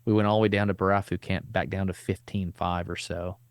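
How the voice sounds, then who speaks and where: A middle-aged man hosting a podcast, telling a long personal story in a casual, animated way, with easy slang. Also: deep voice, brisk, dry recording. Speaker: podcast host.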